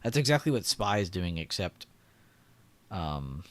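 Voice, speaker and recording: A young man with a low voice and big pitch swings speaks a little slowly while hosting a trading livestream. Chatty and relaxed, he reads the chat out loud and laughs frequently.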